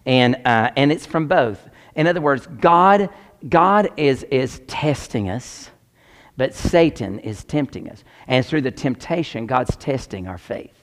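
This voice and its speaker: A man preaching a sermon, animated and joking as he talks straight to the congregation. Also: mid-range voice, unhurried.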